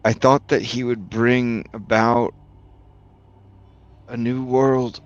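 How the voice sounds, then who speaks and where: A man's voice: medium pitch, level tone, takes it slowly, muffled recording, close to an everyday voice. A man voicing a frightened goblin alchemist trapped in a tank, who stammers nervously. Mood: regretful.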